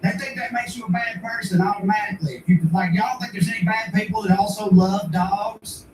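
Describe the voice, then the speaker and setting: A brash man works through a profane stand-up set, his voice sitting high for a man. He is heard from a distance in a roomy club, with constant background noise. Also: steady tone, brisk, crowd noise. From rural Tennessee. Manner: brash, profane, conversational punchlines. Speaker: stand-up comedian. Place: comedy club stage.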